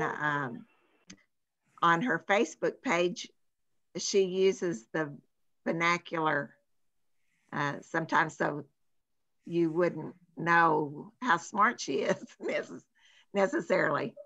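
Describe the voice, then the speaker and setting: A woman's voice: fairly low pitch, a bit bright, lo-fi sound. An older woman with grandchildren, speaking hesitantly with fillers as a class participant on a video call.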